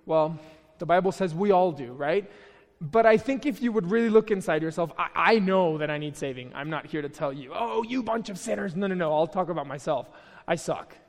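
A man's voice: fairly high pitch, fairly quick, big-room sound. A young man giving a casual, conversational sermon at a church, chatty and self-deprecating, with frequent restarts. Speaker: preacher. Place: church hall.

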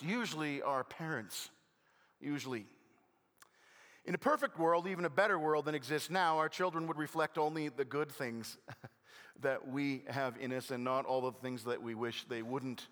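A man's voice: medium pitch, a bit bright. Older male pastor in a reverberant hall. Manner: conversational, self-deprecating humor with halting restarts. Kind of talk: sermon. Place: church sanctuary.

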